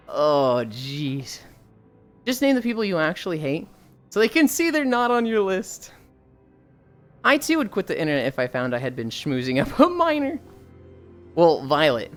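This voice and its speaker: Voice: mid-range voice, sing-song, normal speed, long pauses, faint music behind. A livestreamer chatting casually and reading viewer messages aloud, blunt and sighing often, swearing freely.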